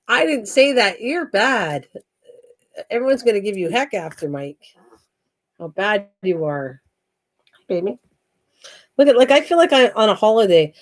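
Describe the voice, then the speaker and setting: A woman hosts a casual crafting live stream and chats away in a teasing, playful way. Her voice sits at an ordinary middle pitch, and she laughs easily between remarks. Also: very animated, a little slow, long pauses. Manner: chatty and teasing, laughs often.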